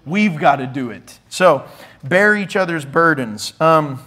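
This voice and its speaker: A middle-aged male pastor preaching a sermon in a church, animated and teasing, playfully scolding his listeners. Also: fairly high pitch, unhurried.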